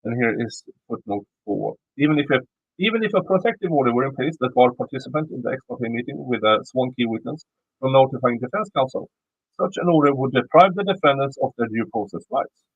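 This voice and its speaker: A man's voice: medium pitch, lively intonation, fairly quick, breathy edge, no echo, narrow, tinny audio. Swedish-accented man reading legal text. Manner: stumbling, repeats words while reading. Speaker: YouTube commentator. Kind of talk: reading a legal motion aloud with commentary.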